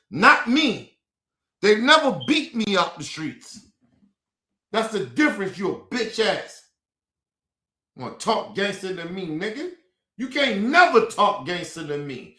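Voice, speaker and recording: A man ranting angrily and profanely on a livestream, repeating himself and breaking into shouts. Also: high-pitched, sing-song, measured pace, long pauses. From Baltimore. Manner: angry, profane, repetitive, shouting bursts. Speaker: streamer. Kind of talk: heated livestream rant. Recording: roomy echo.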